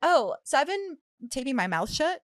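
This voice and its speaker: A woman's voice: sits high, very animated, moderate pace, dry recording, clean studio sound. A woman co-hosting a casual podcast, laughing often as she chats. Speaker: podcast co-host. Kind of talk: casual chat.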